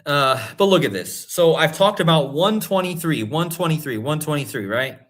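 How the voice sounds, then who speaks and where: A man hosting a livestream, talking in an excited, emphatic way and repeating points for his viewers. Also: on the high side, normal speed. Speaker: host. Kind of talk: livestream commentary.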